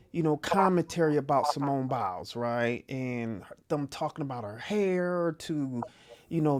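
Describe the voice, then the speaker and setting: A man hosting a talk show, chatting in a laid-back way with loose slang and rambling questions. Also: a little high. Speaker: host. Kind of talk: casual talk show chat.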